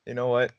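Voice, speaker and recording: A man's voice: on the high side, breathy edge, no echo, muffled recording. A young man co-hosting a casual podcast, joking crudely and laughing often. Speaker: podcast co-host. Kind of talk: casual chat.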